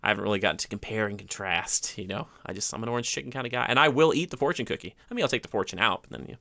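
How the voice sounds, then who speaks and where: A man's voice: lowish voice, rapid-fire, sharp tone, no room sound, clean studio sound. A man co-hosting a podcast in casual chat, enthusiastic and rambling, with many fillers. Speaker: podcast co-host.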